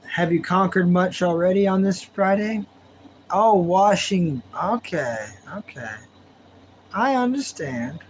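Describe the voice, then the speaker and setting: A man's voice: high voice, lively intonation, takes it slowly, slight background noise, poor audio. A man hosting a livestream from home, chatting casually with viewers in a laid-back, drawling way and laughing often. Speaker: livestream host. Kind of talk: casual chat with live viewers.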